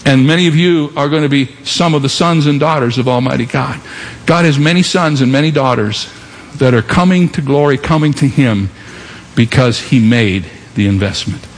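A male pastor delivering an impassioned sermon with long dramatic pauses and rising emphasis, recorded live. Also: medium pitch. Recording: live sermon in a reverberant hall with faint noise.

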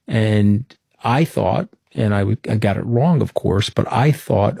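A middle-aged man with a lowish, slightly rough voice and vocal fry speaks at a measured pace while telling stories as an interview guest. He's animated and acts out the quoted dialogue in this conversational storytelling, recorded dry with clean studio sound.

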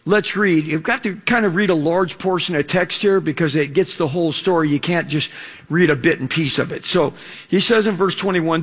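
A middle-aged man preaching a sermon in a conversational way, with lots of fillers, slowing down to read scripture. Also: fairly high pitch, fairly bright tone. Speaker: pastor.

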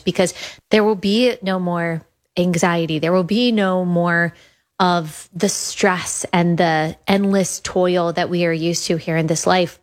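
Young woman host, earnest and eager, slightly low voice, casual monologue. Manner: earnest, enthusiastic, repeats phrases. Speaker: podcast host launching an app.

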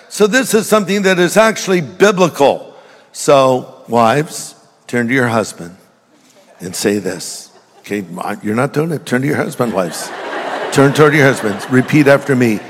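A man's voice: on the high side, animated, a little slow, pauses often, a bit bright, slight background noise. An older man preaching a sermon in a church, telling jokes and stories and speaking directly to the congregation. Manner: joking storyteller, direct with the congregation. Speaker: pastor. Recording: long reverb of a large hall.

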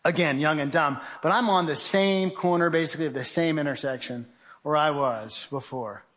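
Speaking at normal speed in a slightly bright, higher-leaning voice, a middle-aged man gives an earnest spoken testimony as a guest speaker. He talks straight to the audience in a conversational way, calling them "guys" as he tells his story.

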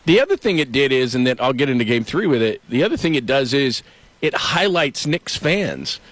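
Dry-voiced middle-aged sports talk host. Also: male voice, mid-range voice, a little fast, no room sound. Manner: storytelling, animated.

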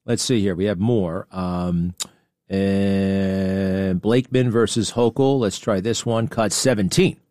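A man hosting a talk show, commenting on debate clips in a sarcastic, animated way, his voice jumping up when excited. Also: low-pitched, slow, no room sound, clean studio sound.

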